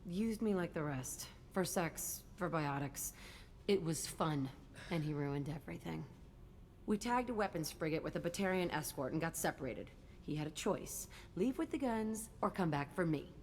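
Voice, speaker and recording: A woman's voice: low-pitched, animated, normal speed, long reverb tail, slight background noise. A woman voicing a hardened, bitter young woman fighter in video game dialogue, blunt, curt and defiant.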